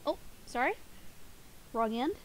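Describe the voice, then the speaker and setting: A woman's voice: on the high side, expressive, slight background noise. A woman live-streaming a game from home, chatting playfully and giggling, a little sniffly and groggy. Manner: playful and giggly, quick asides. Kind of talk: casual live-stream chat.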